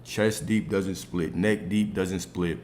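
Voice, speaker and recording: Deep-voiced man teaching spiritual lessons. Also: steady tone, slow, a little mellow, slight background noise. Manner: conversational, many rhetorical "right?" checks. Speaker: spiritual coach.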